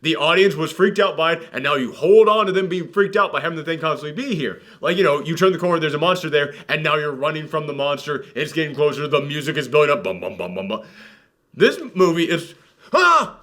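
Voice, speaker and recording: A man hosting a casual film review podcast, talking in an animated, sarcastic and mock-dramatic way. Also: on the high side, fast, hardly any pauses.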